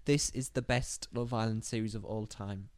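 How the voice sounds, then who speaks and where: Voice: mid-range voice, steady tone, moderate pace. A podcast co-host, chatting bluntly and opinionatedly with some swearing. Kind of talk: casual chat.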